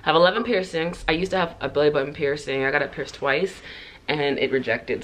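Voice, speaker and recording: A hair vlogger has a casual get-to-know-me chat with her viewers, rambling through her answers with lots of "like" and "um," drifting onto tangents and laughing between sentences. Her voice is deep, brisk and a bit bright, with a slight hiss or hum.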